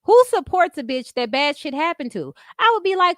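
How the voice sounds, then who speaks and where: Blunt high-voiced woman ranting. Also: big pitch swings, normal speed, hardly any pauses, a bit bright, no echo, clean studio sound. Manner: blunt, heavy profanity, repeats catchphrases. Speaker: commentary streamer host. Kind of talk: unscripted commentary rant.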